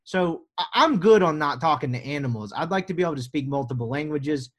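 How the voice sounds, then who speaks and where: A man's voice: a little high, lively intonation, brisk, fairly bright tone. A young American man hosting a sports podcast, rambling and joking through listener questions. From United States. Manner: joking, rambling, self-deprecating. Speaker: podcast host. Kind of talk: casual podcast chat.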